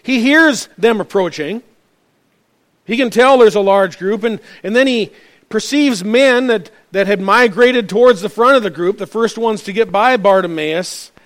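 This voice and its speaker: A man's voice: high-pitched, unhurried. A man preaching a sermon in an earnest way, often restarting his phrases. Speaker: pastor.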